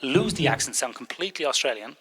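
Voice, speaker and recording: A middle-aged man runs a relaxed podcast chat, teasing and joking with his guests. He talks at a fast clip. His voice is bright and forceful. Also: mid-range voice, breathy edge. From Ireland. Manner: joking, teasing, quick and chatty. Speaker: podcast host. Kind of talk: casual interview chat.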